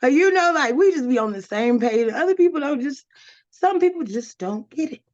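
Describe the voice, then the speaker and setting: A woman talking as a guest in a relaxed conversation, chatty and full of casual fillers. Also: high-pitched, normal speed, dry recording, dull audio. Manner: chatty, full of "like" and "you know".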